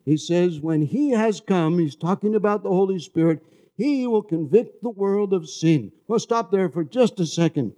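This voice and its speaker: A man's voice: high voice, animated, normal speed, mellow. A man from New York City preaching a conversational sermon, often asking the congregation for an amen.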